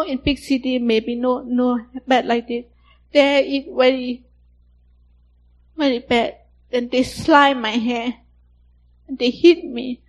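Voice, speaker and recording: Young woman, slow halting testimony, simple English. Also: sits high, muffled recording. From Thailand. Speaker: survivor giving testimony. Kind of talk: personal testimony.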